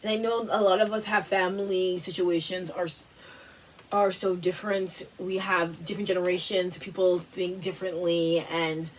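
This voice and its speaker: A woman's voice: fairly low pitch, moderate pace. Woman doing a chatty wellness pep talk, loops back on herself a lot, kinda far from the mic, light hiss in the room. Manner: animated, repetitive, lots of "like" and "you know". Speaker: host of a wellness workshop. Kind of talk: casual motivational talk.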